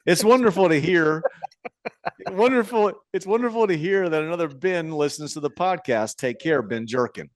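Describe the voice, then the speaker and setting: A man's voice: on the high side, brisk, few pauses, no echo, studio quality. A man in his forties co-hosting a casual podcast, reading listener emails and often breaking into laughter between stumbling restarts. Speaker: podcast co-host.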